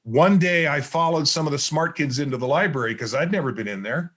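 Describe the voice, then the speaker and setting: A middle-aged man talks as a guest on a podcast, in a voice a little higher than most men's. He is a motivational speaker who tells stories with energy and acts out the lines of the people in them. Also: a little fast. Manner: animated storyteller who acts out dialogue. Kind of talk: storytelling interview chat.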